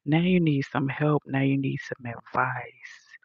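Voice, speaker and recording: A woman ranting bluntly and profanely to her viewers, talking softly into a headphone mic at home in a condo. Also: very deep voice, measured pace, vocal fry, slightly rough, dry recording, highs cut off. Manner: blunt, profane, soft-spoken. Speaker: vlogger. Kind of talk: casual rant to viewers. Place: high-rise condo.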